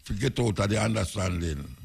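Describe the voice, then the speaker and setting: A man's voice: on the low side, lively intonation, fairly quick, creaky, darkish tone, breathy edge. A man with a Jamaican accent hosting a radio talk, lecturing through rhetorical questions. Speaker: radio host.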